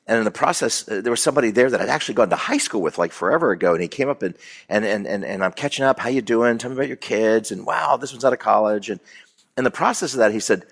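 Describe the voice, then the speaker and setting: A man co-hosting a casual radio talk show, telling lively stories and acting out the people he quotes. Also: lowish voice, quick pace, creaky, husky. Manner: animated storyteller, acts out quoted voices. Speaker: co-host.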